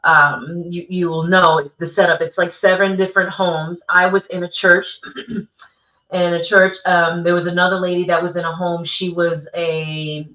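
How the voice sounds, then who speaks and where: Chatty actress co-host, bright tone, sits away from the mic in a roomy space. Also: female voice, on the low side, level tone, a little slow. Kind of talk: casual chat. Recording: dull, roomy, far from mic.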